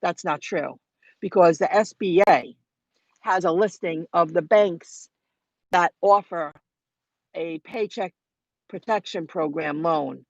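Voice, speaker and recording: A woman's voice: lowish voice, takes it slowly, pauses often, no room sound, lo-fi sound. A woman telling a story in a chatty, rambling way on a live stream, talking straight to her viewers from her car. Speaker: vlogger hosting a live stream. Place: in her car while driving.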